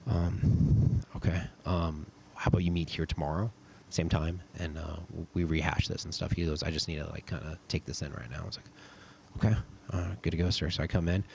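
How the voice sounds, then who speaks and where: A young man, a podcast guest and army sergeant, telling stories in a relaxed, casual way, full of "dude" and "like.". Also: low-pitched, fairly quick, vocal fry, a little hiss or hum. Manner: laid-back, says "dude" and "like" a lot. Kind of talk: casual storytelling chat.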